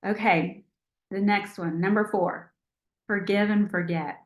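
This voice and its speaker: A woman's voice: mid-range voice, measured pace. Chatty encouraging woman on an echoey call. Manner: chatty, encouraging, animated with acted-out quotes. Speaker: team leader hosting a call. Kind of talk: motivational talk on a team call.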